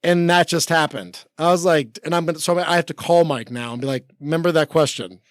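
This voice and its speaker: A man in his forties tells stories in a loose, rambling way, with lots of "like." His voice sits a touch higher than most men's. He plays out what each person said, and the studio sound is dry and close. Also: a little fast, dry recording. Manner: rambling, full of 'like', acts out quoted talk. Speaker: podcast guest, former Navy SEAL. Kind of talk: casual storytelling chat. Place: podcast studio.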